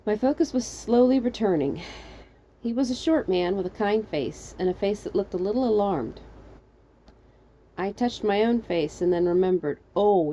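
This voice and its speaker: A woman reading her first-person fan fiction story aloud, soft-spoken and unhurried. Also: fairly low pitch, muffled recording, a little hiss or hum.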